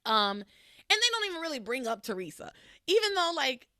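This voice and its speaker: A woman hosting a podcast alone, casually recapping soap opera episodes in a chatty, animated way. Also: sits high, a little fast, dry recording, clean studio sound. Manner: chatty, animated retelling with quoted lines.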